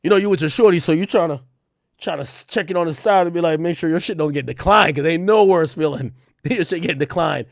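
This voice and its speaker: A young man with a high voice rants to his live chat in a casual, profane way. He is animated and joking, and he breaks into loud outbursts. The sound is close and dry, with no room in it. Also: quick pace, vocal fry, dry recording. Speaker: streamer.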